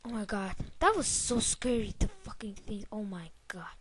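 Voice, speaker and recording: A young woman giving casual let's-play commentary, excitable and swearing as she talks to the game. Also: mid-range voice, normal speed, breathy edge. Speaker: gameplay commentator.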